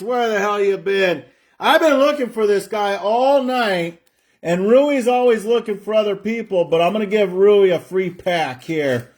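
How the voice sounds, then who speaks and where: A man with a fairly high voice hosts a live card break stream. He chats in a loose, rambling way and stretches out each player's name as he reveals it. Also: measured pace, darkish tone. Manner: chatty, rambling, drawls out player names while opening packs.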